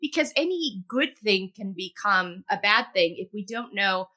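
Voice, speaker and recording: A middle-aged woman hosts a podcast interview in a medium-pitched, lively voice at a moderate pace. She warmly affirms her guest with frequent "yeah"s and asks reflective questions throughout the conversation.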